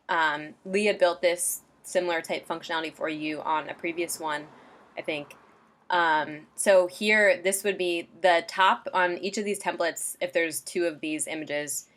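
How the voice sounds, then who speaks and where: Low-voiced woman giving a chatty walkthrough. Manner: chatty, loose, full of ums and likes. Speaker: template designer walking a client through templates. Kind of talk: casual screen-share tutorial.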